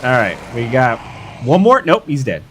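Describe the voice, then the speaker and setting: A man's voice: medium pitch, moderate pace, slight background noise. A young man streaming a game live, hyping up his fights and chatting casually with viewers. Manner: excitable, hyped shouts while fighting.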